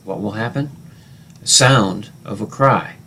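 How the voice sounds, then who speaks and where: A man teaching a Bible lesson in a relaxed, hesitant way, full of fillers and restarts, who reads scripture quotes out louder. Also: fairly low pitch, a little slow, slight background noise.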